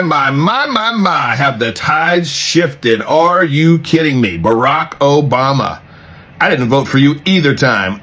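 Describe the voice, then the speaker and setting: A man's voice: medium pitch, a bit bright. A man in a political reaction video, heated and mocking, talking straight at a politician.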